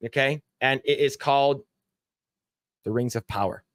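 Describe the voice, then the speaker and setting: A man hosting a casual podcast, laughing often and swearing freely while he acts out scenes in quick put-on voices. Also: mid-range voice, a bit bright, dry recording, studio quality. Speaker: podcast host. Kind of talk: casual chat.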